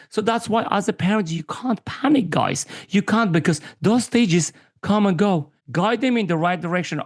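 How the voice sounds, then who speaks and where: A man from Armenia in his forties, a podcast guest talking candidly and acting out the voices of people he quotes. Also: on the high side. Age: 40s. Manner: animated storyteller who acts out quoted voices. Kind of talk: candid conversational interview.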